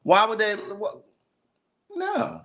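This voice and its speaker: A man with a high, bright, ringing voice chats on a podcast. His talk is blunt and animated, full of asides and casual swearing. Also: slow, vocal fry. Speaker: podcast host. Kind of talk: casual chat.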